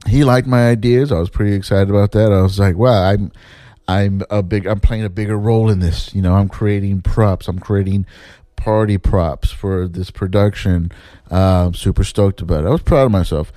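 A man casually telling a story about his theater days, swearing and jumping up in pitch to mimic people. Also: normal speed, no echo, studio quality. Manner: animated, swears, mimics others in pitched-up quotes. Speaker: former assistant stage manager telling a story.

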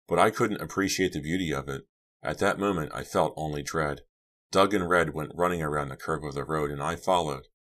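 A man narrating an audiobook in a steady, measured reading. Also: rumbling low. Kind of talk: scripted narration.

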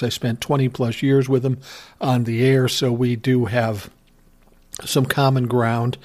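An older man hosts his own podcast, chatting casually into a studio mic. He rambles through profane, self-amused stories and keeps a loose, unscripted pace. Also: mid-range voice. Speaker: podcast host. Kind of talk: casual solo podcast talk.

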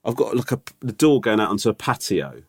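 A man's voice: lowish voice, big pitch swings, fast talker, darkish tone, husky, dry recording, studio quality. A man in his forties telling a story in casual podcast chat, exasperated and swearing freely. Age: 40s. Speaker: podcast co-host.

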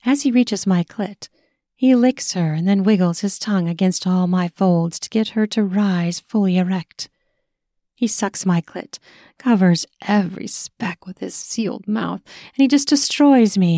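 A woman narrating a first-person erotic audio story in a slow, sensual reading voice. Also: mid-range voice, dark tone, no echo, studio quality.

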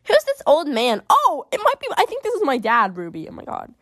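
Chatty and giggly, a gaming video creator with a high voice reads choices out loud as she casually comments on a game, with quick, animated reactions. Her close-mic recording is dry, with no room sound at all.

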